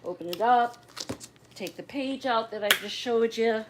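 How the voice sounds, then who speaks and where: A woman's voice: a little high, a little slow, noisy background. A middle-aged woman hosting a casual livestream, chatting and rambling as she talks straight to her viewers. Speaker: livestream host.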